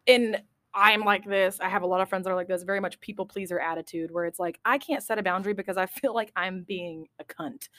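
A woman's voice: lowish voice, quick pace, few pauses, no room sound. Woman hosting her podcast, blunt and cussy, dry close sound, no room. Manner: blunt and emphatic, swears freely. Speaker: podcast host. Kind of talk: casual chat.

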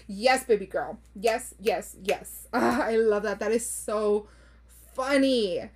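A woman's voice: medium pitch, fairly even intonation, takes it slowly, darkish tone, breathy edge. A young woman hosting a podcast, reading listener stories aloud and reacting bluntly, swearing freely, laughing often and slipping into Spanish phrases. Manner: code-switches into Spanish phrases. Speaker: podcast host.

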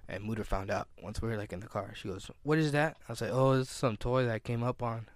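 A man's voice: medium pitch, fast. Rambling young man chatting on a podcast. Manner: rambling, many fillers and restarts. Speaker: podcast co-host. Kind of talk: casual chat.

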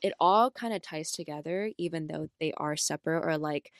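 Woman, young adult, podcast co-host, casual storytelling, smooth clear voice, dry close sound. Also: normal speed, dry recording. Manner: animated storyteller, acts out quotes with big pitch jumps; frequent fillers like "like" and "right?". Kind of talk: casual chat.

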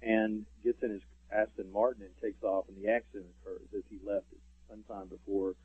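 A man's voice: fairly low pitch, level tone, fairly quick, husky, no echo. A man, a radio show guest, telling stories in casual interview talk with lots of fillers. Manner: rambling storyteller, many fillers. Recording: tinny phone line.

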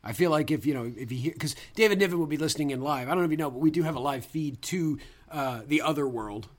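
A man's voice: on the high side, fast. A man co-hosting a comedy podcast, riffing playfully on tangents. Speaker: podcast co-host. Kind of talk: casual comedic chat.

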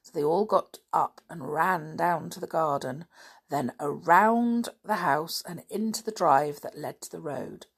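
Slow, gravelly woman reading a storybook. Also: sits low. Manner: calm, unhurried storytelling. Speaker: narrator.

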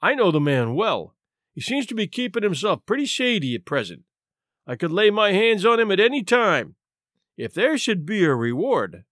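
A man's voice: high-pitched, very animated, moderate pace, a bit bright, no echo, clean studio sound. A man voicing a down-and-out man who talks with lofty, scornful dignity, in an audiobook story reading. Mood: sly. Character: smooth, haughty male park derelict.

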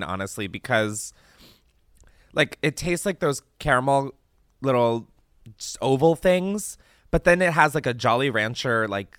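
Man, podcast host, casual chat, swears a lot, very animated pitch, close and dry. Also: dry recording. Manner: animated and chatty, swears freely, laughs often. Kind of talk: casual chat, candy taste test.

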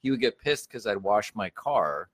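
A man telling a story in casual chat, animated and profane. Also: on the low side, normal speed.

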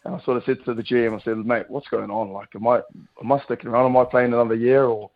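A man's voice: mid-range voice, fast talker, phone-quality sound. A man, a rugby player chatting as a guest in an easygoing way, his voice a little worn from celebrating. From New Zealand. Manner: relaxed, laughing, says mate often. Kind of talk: casual radio chat.

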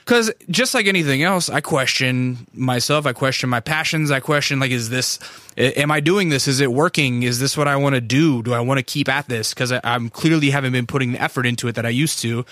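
A man in his thirties from Alaska hosts a podcast alone, rambling casually and cursing as he tells stories. He acts out other people's lines and his voice shoots up high for them. His mid-range voice sits close and dry in the studio, with no room sound at all. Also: brisk, fairly bright tone, no echo. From Alaska, USA. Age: 30s. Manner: profane, rambling storyteller. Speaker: podcast host. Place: recording studio.

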